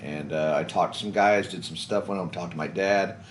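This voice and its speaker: A low-voiced Kentucky man in his forties spins a blunt, salty story about joining the service. His voice rings around an echoey room. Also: a little fast, slight background noise. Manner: blunt, profane, swerves into animated impressions of others. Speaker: veteran interviewee. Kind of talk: casual storytelling interview.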